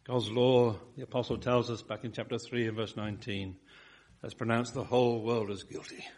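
A man preaching a sermon, building phrases up emphatically and dropping to a hush on key words. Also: medium pitch, level tone, normal speed.

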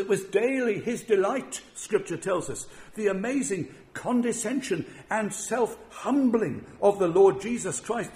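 A man's voice: high-pitched, darkish tone. A man preaching a sermon, earnest and given to repeating words as he builds his point.

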